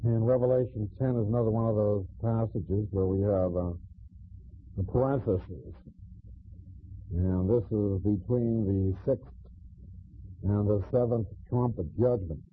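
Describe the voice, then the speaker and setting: Husky male Bible teacher, tinny sound. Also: fairly low pitch, steady tone. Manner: measured teaching with frequent "uh" pauses.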